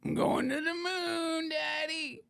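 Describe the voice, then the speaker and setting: A man putting on a high, whiny childlike voice that wails and cries about going to the moon, calling for his daddy. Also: fairly even intonation, slow pace, creaky, a bit bright, exaggerated voice. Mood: giddy wailing. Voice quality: high shrill crying wail.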